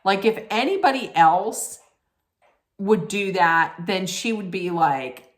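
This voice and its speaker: A woman's voice: mid-range voice, expressive, slow. A woman hosting a casual TV recap, chatty and rambling, often correcting herself mid-sentence. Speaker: host.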